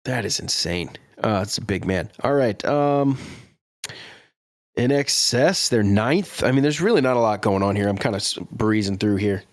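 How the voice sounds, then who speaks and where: A laid-back man co-hosts a podcast in easy, casual chat and laughs often. His voice sits fairly low. It sounds dry and close. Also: animated, normal speed, no echo. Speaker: podcast co-host.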